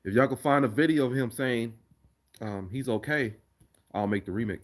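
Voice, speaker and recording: A man hosts a laid-back live stream where he responds to viewer comments and talks about fights and his remixes, often beginning sentences again. He speaks at a normal speed with a medium-pitched voice.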